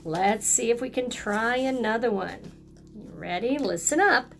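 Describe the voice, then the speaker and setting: A woman teacher leading a phonics lesson for young children, speaking slowly and encouragingly and stretching out letter sounds. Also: fairly high pitch, expressive, creaky, slight background noise.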